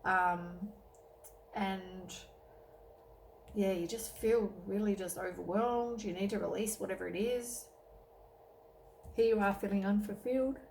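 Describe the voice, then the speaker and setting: A woman's voice: mid-range voice, steady tone, a little slow, gravelly, pauses often, a little mellow, slight background noise, low-quality recording. A woman giving a casual tarot reading, tired and yawning, rambling with many ums and self-corrections. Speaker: tarot reader.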